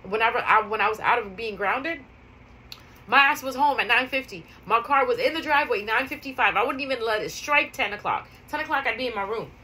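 Bright-voiced woman telling a chatty story. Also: on the high side, expressive, brisk, husky, poor audio. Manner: chatty, conversational, repeats key phrases for emphasis. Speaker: spiritual vlogger. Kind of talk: casual storytelling monologue.

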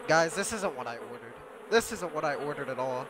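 A man's voice: on the high side, expressive, fairly quick, noisy background. A man playing a game with friends, chatting casually in a teasing, bossy, sarcastic way. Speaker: co-player. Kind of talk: casual gaming chat.

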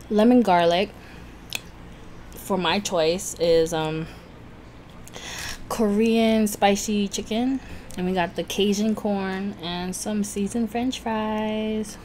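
A woman hosts a casual mukbang-style eating vlog, chatting away and laughing often while tripping over her words a little. Her voice is medium-pitched and a bit mellow, there's slight background noise, and she seems self-conscious about talking fast.

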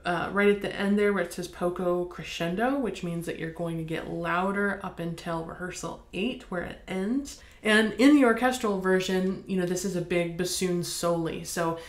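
An American woman teaching bassoon, explaining in a friendly way and counting beats aloud. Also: moderate pace, hardly any pauses. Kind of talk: instructional demonstration. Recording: echoey room.

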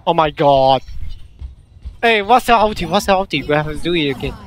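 A man playing a team game online, shouting and pleading at his teammates and repeating himself, in broken English. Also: on the high side, lively intonation, a little fast. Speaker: gamer streaming team play. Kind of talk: excited gameplay chatter.

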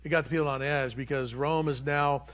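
A man preaching a sermon as pastor, emphatic and repeating key phrases, swinging between loud and hushed delivery. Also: a little high, fairly even intonation, fairly quick.

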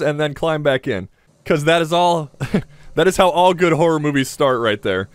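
Young guy doing horror game commentary, kinda high voice, jokey, swears when stuff jumps out. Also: lively intonation, unhurried, no room sound. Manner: joking, talks to the viewers, swears, startles easily. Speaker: gaming channel host. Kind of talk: survival horror let's play commentary.

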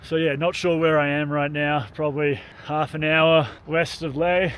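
Young man, travel vlogger, wry offhand humour, slightly high voice, faint outdoor noise. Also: little pitch movement, normal speed, a bit bright. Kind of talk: casual travel vlog narration. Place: outdoors, remote mountain roads.

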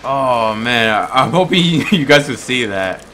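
Bright-voiced man, jumpy gaming commentary. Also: mid-range voice, lively intonation, measured pace, a little hiss or hum. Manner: jumpy, swears a lot, shouts when chased; stumbles when reading aloud. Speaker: gamer playing a horror game. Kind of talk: casual let's-play commentary.

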